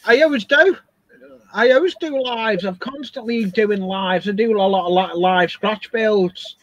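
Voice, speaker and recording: A man with a Scouse accent, a guest on a livestream, chatting in a relaxed, friendly way. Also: high voice, unhurried. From Liverpool, England. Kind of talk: casual chat. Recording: dull lo-fi audio.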